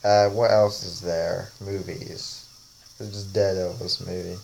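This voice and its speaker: Chatty man, slow and laughing. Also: deep voice, flat delivery, creaky, a little mellow, a little hiss or hum. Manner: chatty, rambling, often laughs. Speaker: vlogger. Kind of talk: casual commentary while trying a face-swap app.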